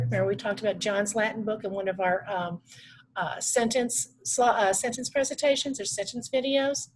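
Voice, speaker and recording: A woman teaching punctuation rules from slides, reading out examples slowly and correcting herself now and then. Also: mid-range voice, a little hiss or hum. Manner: reads examples slowly, with small restarts. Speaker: adult education teacher. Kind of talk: slide-based grammar lesson.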